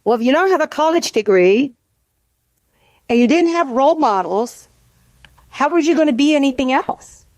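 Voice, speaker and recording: Candid middle-aged woman, higher voice. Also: expressive, moderate pace, long pauses, a little mellow, no echo. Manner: candid, earnest, confessional; conversational with frequent restarts. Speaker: panelist, community program leader. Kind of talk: panel discussion talk.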